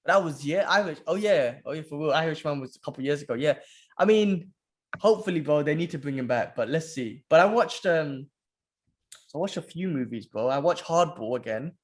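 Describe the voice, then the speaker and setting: Expressive and brisk, a man with a slightly high voice co-hosts a relaxed podcast conversation. Easygoing and eager about films, he keeps dropping "bro."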